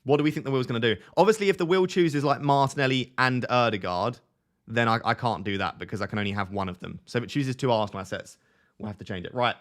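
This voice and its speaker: A man's voice: medium pitch, fast. Chatty man live-streaming. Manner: chatty, self-mocking, laughs at himself. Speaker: fantasy football streamer. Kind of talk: casual live-stream chat.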